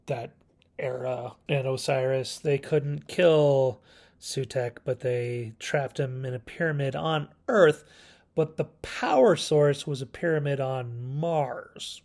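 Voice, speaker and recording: A man's voice: medium pitch, takes it slowly, darkish tone. A man hosting his own video channel, giving a casual, rambling review of a classic TV serial, often correcting himself and chuckling.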